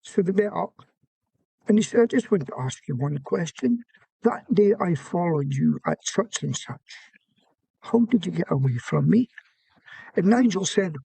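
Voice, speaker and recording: A man's voice: sits high, expressive, a little slow, gravelly, long pauses, mellow, breathy edge, no echo. An older man with an Aberdeen Scottish accent, a former soldier telling rambling anecdotes in an interview and acting out the dialogue. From Scotland. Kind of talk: storytelling interview.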